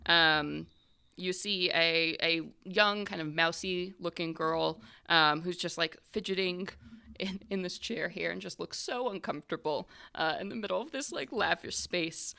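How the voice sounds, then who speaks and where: A woman's voice: fairly low pitch, unhurried, vocal fry, pushed and bright, clear, resonant tone. A woman narrating a tabletop game as game master, in a loose, rambling way full of fillers.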